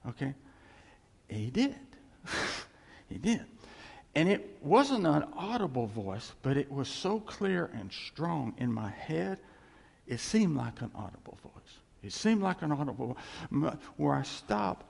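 A man preaching a sermon as pastor, earnest and repeating his key phrases, swinging from loud to quiet. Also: a little high, big pitch swings, a little slow, creaky, husky. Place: church sanctuary. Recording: church hall reverb.

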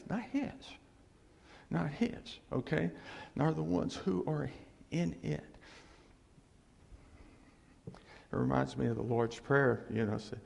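Gravelly preacher with a husky, echoing voice. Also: male voice, on the high side. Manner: repeats phrases for emphasis, checks in with "okay?" and "see?". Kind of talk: conversational sermon. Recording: long hall reverb.

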